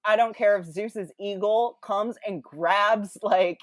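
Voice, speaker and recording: A woman's voice: medium pitch, slow pace, no room sound, lightly acted. A woman putting on a stubborn, defiant king in a dismissive, scornful retort while retelling a story.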